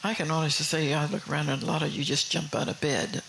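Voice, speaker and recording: Male preacher, gravelly, slightly high voice, fervent sermon with whispered asides. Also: flat delivery, moderate pace, long pauses, fairly bright tone, a little hiss or hum, poor audio. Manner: fervent, rhetorical questions to the congregation.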